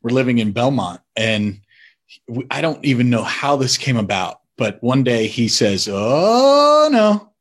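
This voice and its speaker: A man, a father, telling family stories in an animated way and acting out what his family members said. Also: medium pitch, moderate pace, husky. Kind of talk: personal storytelling.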